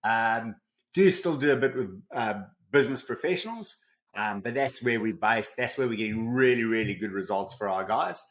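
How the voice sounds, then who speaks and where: A man's voice: medium pitch, moderate pace, a bit bright, slight background noise. A man with a South African accent, a business coach guest in a casual interview, talking in a plain, conversational way and laying out his points one by one.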